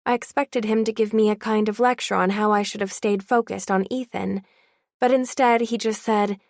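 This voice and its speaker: A young woman narrates an audiobook in first person with a wry, confiding tone. Her mid-pitched voice carries a gravelly edge, recorded close and dry. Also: steady tone, moderate pace, no room sound. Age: young adult.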